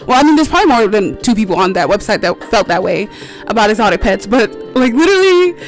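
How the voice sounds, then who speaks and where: High-voiced woman rambling on a stream. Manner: rambling storytelling, heavy on filler words; swears freely and laughs often. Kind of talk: casual chat while streaming a game.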